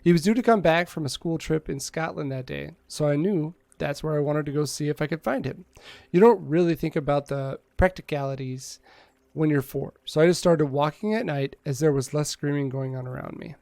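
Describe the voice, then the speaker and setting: A man's voice: a little high, brisk, vocal fry, darkish tone, dry recording. A man streaming a game, casually reading its dialogue aloud and joking with viewers between lines, on a close desk mic at home. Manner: casual, joking, reads text aloud with asides.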